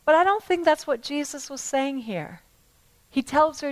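A woman preacher with a high voice delivers a sermon in church. She talks emphatically and repeats her phrases, rising to loud appeals and then dropping to hushed, slow words. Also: lively intonation, rough recording. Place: church service.

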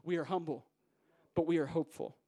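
Rousing higher-voiced male preacher. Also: a little fast. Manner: builds from hushed to rousing, voices quoted figures. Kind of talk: sermon. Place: church.

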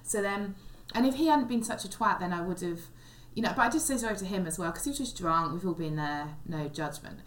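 A woman's voice: on the low side, brisk, few pauses. A young woman and comedian, chatting on a podcast and telling a long story in a rambling way, with many restarts. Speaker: podcast co-host and stand-up comedian. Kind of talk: casual chat, storytelling. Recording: echoey room, faint background noise.

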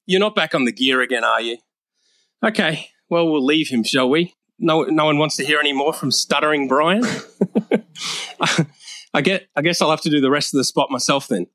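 A man's voice: a little high, normal speed, bright, forceful tone, no room sound. A man delivering a crude, brash comedy roast monologue, mocking and profane.

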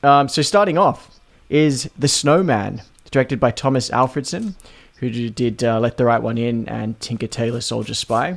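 A man's voice: mid-range voice, normal speed, gravelly, hardly any pauses. A man reading out film releases on a podcast. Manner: playful, theatrical storytelling. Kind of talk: casual podcast chat.

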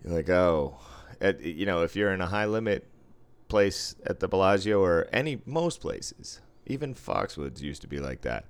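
A man's voice: low voice, big pitch swings, normal speed, clear, resonant tone. A man working as a casino dealer, telling stories in blunt, profane casual chat.

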